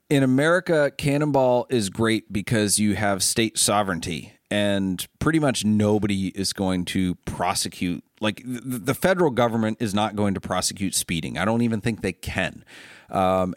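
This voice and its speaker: Male host, low register, dry close sound, loose rambling delivery with stammered restarts. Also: no room sound. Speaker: show host and car dealer. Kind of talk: casual show chat.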